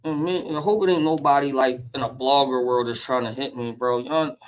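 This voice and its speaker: A man with a Philadelphia accent hosting a casual livestream, brash and loud, trash-talking and laughing often. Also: medium pitch, fairly even intonation, a little fast, low-quality recording. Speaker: livestream host.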